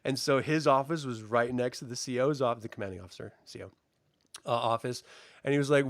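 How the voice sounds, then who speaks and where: A middle-aged man in casual podcast chat, telling stories in a profane, animated way with frequent laughs. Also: medium pitch, fast talker, no echo, studio quality. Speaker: co-host reviewing a baking show.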